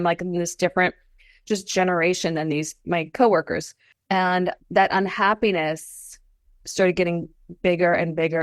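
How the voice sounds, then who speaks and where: A woman in her forties, a podcast guest, telling her story in a casual interview, animated and climbing into high exclamations. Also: dry recording, clean studio sound. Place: Los Angeles.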